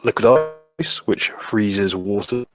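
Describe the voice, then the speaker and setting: A man's voice: lowish voice, takes it slowly. A man narrating as game master of a tabletop game, with a dry, wry delivery.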